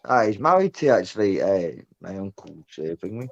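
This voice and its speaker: A man's voice: low-pitched, sing-song, moderate pace, vocal fry. Guy ranting on voice chat, swears a lot, "lad" "mate" every line, muffled lo-fi sound. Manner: sweary and rambling, ends phrases with "lad" or "mate". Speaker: guest on a voice-chat show. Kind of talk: rowdy casual chat. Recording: dull lo-fi voice-chat audio.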